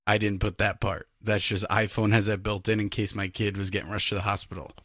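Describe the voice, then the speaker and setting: A man co-hosting a podcast, telling an emphatic, animated story in casual chat. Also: on the low side, fairly quick, no echo, clean studio sound. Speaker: podcast co-host.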